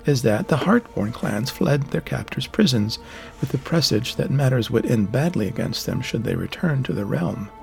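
A man's voice: mid-range voice, big pitch swings, moderate pace, creaky, a little mellow, soft background music. A man reading an audiobook voices a sly old hermit who talks down to a younger man in a taunting, condescending way.

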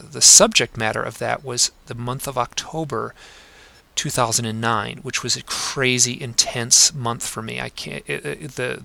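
A man guesting on a podcast, telling personal stories in an earnest, reflective way, pausing often with fillers. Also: medium pitch, creaky, bright, forceful tone. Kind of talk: conversational storytelling. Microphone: home desk microphone.

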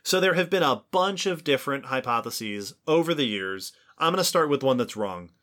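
A man co-hosts an educational podcast, explaining with lively enthusiasm. His voice is bright and forward. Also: mid-range voice, normal speed. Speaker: podcast co-host. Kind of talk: educational casual chat.

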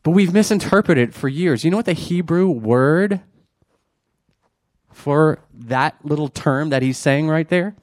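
A man's voice: a little high, unhurried, a little mellow, no echo. A man in his forties preaching a chatty, conversational sermon to a congregation, full of self-deprecating jokes. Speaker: pastor. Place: church before a congregation.

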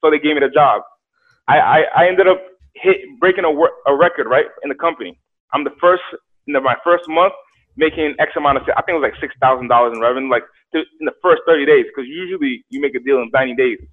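A young man telling a story casually, animated, acting out quotes and repeating words. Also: on the high side, fast talker. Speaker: guest telling his story. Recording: tinny phone-like sound.

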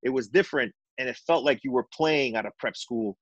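Animated middle-aged storyteller, dry sound. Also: male voice, medium pitch, brisk, slightly rough, no room sound, highs cut off. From Montreal, Canada. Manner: animated, acts out dialogue in his stories. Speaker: retired basketball coach, guest. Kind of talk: storytelling in a podcast interview.

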